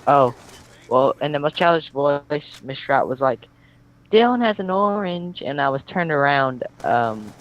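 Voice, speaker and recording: A man's voice: medium pitch, steady tone, unhurried, a bit bright, highs cut off. A teenage boy co-commentating gameplay, telling a school story in a rambling way with many fillers. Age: teens. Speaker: network founder co-commentating gameplay.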